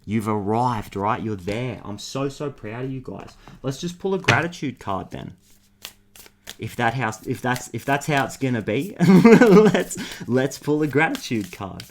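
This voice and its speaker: Guy doing a tarot reading for his viewers, super excited and gushing, words kinda tumbling out, medium pitch. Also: normal speed. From Australia. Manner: enthusiastic, affectionate, rambling. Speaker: tarot reader.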